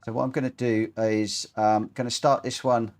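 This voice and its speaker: A man's voice: medium pitch, level tone, moderate pace. A man hosting a live racing game stream, talking in a chatty, rambling, self-deprecating way. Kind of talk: casual live-stream commentary.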